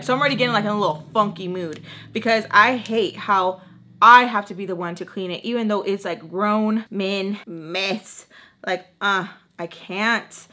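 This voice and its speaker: A woman in her twenties chatting to her camera in a casual storytime, sassy and full of attitude. Her voice is bright and forward, at an ordinary pitch for a woman. She slips into quoted back-and-forth as she tells it. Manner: sassy, animated, acts out quoted dialogue. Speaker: beauty vlogger.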